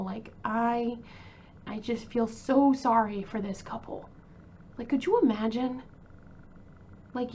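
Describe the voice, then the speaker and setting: Chatty woman doing true crime, gets emotional, kinda high voice, muffled lo-fi audio. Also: darkish tone, slight background noise. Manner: chatty, emotional, many fillers and restarts. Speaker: true crime channel host.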